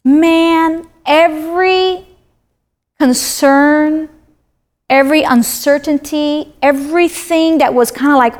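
A woman from Florida who calls herself a talker shares her personal faith testimony animatedly in conversation. Her voice is high and slow.

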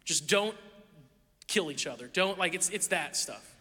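A man in his thirties, a pastor preaching a sermon, telling animated, self-deprecating stories with a laugh. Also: high voice, measured pace. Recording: long reverb of a large hall.

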